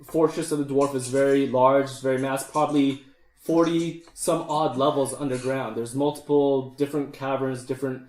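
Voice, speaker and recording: A man narrating as game master in a relaxed, chatty way, laughing easily with his players. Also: medium pitch, normal speed, reverberant, poor audio.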